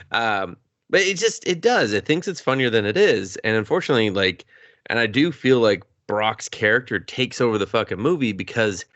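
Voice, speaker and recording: A man co-hosting a podcast, venting in a sarcastic, profane rant. His pitch swings widely as he talks. The sound is close and dry. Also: fairly bright tone, dry recording. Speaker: podcast co-host. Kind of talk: casual movie review chat.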